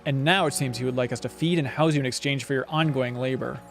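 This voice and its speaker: A man's voice: medium pitch, fairly even intonation, fast talker, music in the background, natural voice. A man reading the lines of a stern, commanding female captain in a curt, formal way.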